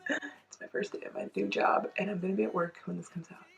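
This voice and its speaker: A woman doing a reaction vlog, excitable and quick to shriek, swearing freely and rambling with lots of fillers. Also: mid-range voice, creaky, faint music behind, rough recording. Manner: rambling, filler-heavy storytelling. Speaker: YouTube reaction vlogger. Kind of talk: reaction commentary.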